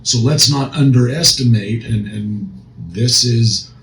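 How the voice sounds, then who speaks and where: A man's voice: mid-range voice, slow pace, a bit bright. A man co-hosting a recovery podcast as a counselor, speaking earnestly and emphatically with frequent restarts. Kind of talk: casual discussion. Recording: echoey room, faint noise.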